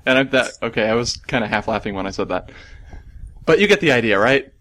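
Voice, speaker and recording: A man's voice: mid-range voice, animated, fast, pushed and bright, slight background noise. A man hosting a casual chat, playful and laughing often.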